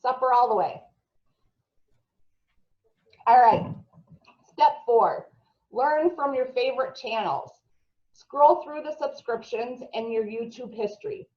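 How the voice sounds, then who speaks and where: A woman's voice: fairly high pitch, takes it slowly, pauses often. A woman leads a marketing training in a room full of trainees. She talks in a chatty way, throws questions out to the group and sometimes trips over a word. The recording is dull and lo-fi. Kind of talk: live training talk to a group.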